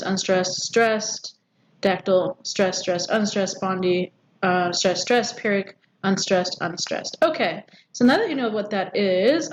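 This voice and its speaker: A woman teaching a poetry lesson, explaining step by step with frequent ums and rhetorical questions. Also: mid-range voice. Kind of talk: recorded poetry lecture. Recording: dull audio with faint background noise.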